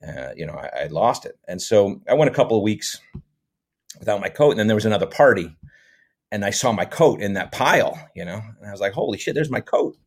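This podcast guest is a middle-aged American comedy actor whose voice runs on the low side and moves fairly quickly. Relaxed and rambling, he leans on many fillers as he tells stories in a casual interview.

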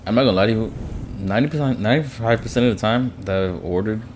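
A man's voice: on the low side, quick pace, darkish tone, a little hiss or hum. A young man co-hosting a podcast, talking bluntly and repeating himself in casual chat. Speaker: podcast co-host.

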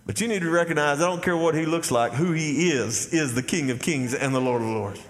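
A pastor preaches in a fairly high voice, folksy and direct with his congregation. His words ring out with a long hall reverb behind them. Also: a little fast. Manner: folksy preaching, calls out "y'all" and "Amen?" to the congregation. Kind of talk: sermon.

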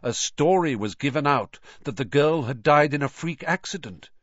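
A man narrating a storybook in an expressive reading style. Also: on the high side, moderate pace, no room sound. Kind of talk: audiobook narration. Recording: dull, dry recording.

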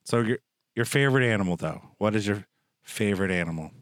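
A man's voice: lowish voice, lively intonation, fast, no echo, clean studio sound. Rambling, joking young man. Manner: rambling, joking, lots of filler words. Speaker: podcast host. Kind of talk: casual chat.

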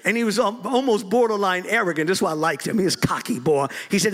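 A man preaching a lively storytelling sermon to a congregation in a church, swinging from low asides to loud high shouts and laughing often. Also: quick pace. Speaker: bishop, preacher. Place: church service before a congregation.

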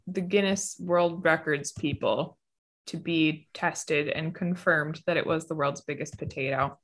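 A woman's voice: on the low side, a bit bright. A woman co-hosting a casual podcast chat, reading news quotes aloud and laughing often. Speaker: podcast co-host.

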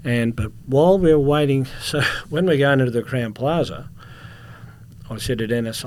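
A man's voice: mid-range voice, normal speed, darkish tone. Australian man telling rambling stories. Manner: rambling anecdotal storyteller, coughs now and then. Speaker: guest, former police officer and security contractor. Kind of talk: casual storytelling interview.

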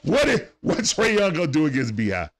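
A man's voice: a little high, wildly swooping pitch, brisk. A man doing casual play-by-play commentary on a live stream. He talks in slang, greets viewers by name, and speaks into a phone.

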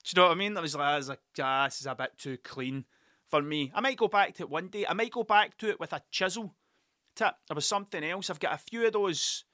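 A man's voice: on the high side, quick pace, pushed and bright, dry recording, studio quality. A man, the podcast's host, telling a rambling, sweary and self-mocking story in casual monologue into a desk mic.

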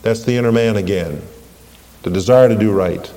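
A man preaching a sermon, earnest, slowing down and rising in pitch when he quotes scripture. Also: lively intonation, warm tone, long reverb tail. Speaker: pastor.

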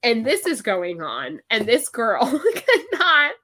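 Young woman, podcast co-host, bright tone, animated and exclamatory, casual book chat. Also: a little high, slow pace.

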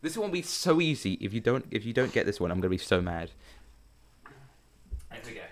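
A young man co-hosting a casual chat podcast, talking in a playful, jokey way. His pitch swings up and down a lot as he banters, and there is a faint hiss behind him. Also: sing-song, a little fast. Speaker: podcast co-host.

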